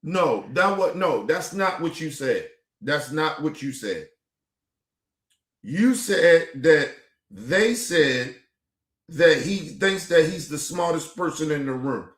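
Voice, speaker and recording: A man's voice: a little high, expressive, slow, fairly bright tone. A man hosting a stream, reacting to a clip in a heated, profane rant full of repetition. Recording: echoey room.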